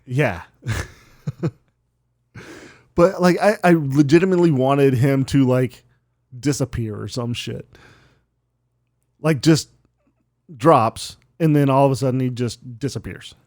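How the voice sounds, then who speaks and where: A man's voice: mid-range voice, takes it slowly, pauses often, a little mellow, no room sound, studio quality. A man co-hosting a podcast in casual chat, blunt and teasing, swearing and laughing often. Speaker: podcast co-host.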